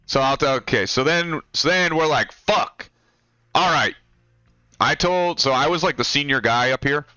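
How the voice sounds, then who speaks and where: A man's voice: on the high side, brisk, hardly any pauses, sharp tone, smooth, no room sound. A young man, a former Marine, casually telling a rambling, profane story while pointing things out on a map. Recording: dry, dull lo-fi sound with faint music.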